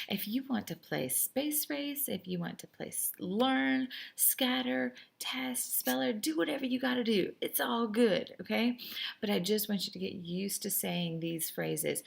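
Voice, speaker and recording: Upbeat chatty woman teacher, husky voice. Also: medium pitch. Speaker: French teacher. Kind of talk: recorded class lesson.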